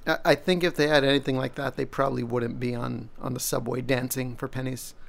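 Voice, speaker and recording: A man's voice: mid-range voice, steady tone, fairly quick, creaky. A man from Mexico playing the straight man in an improvised comedy bit, answering in dry, exasperated replies.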